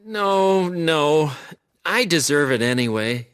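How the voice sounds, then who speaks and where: A man's voice: on the high side, expressive, slow pace, a bit bright, clean tone. An actor voicing an insecure young male knight on guard duty who talks himself down in a game. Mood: fretful. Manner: self-deprecating, fretful.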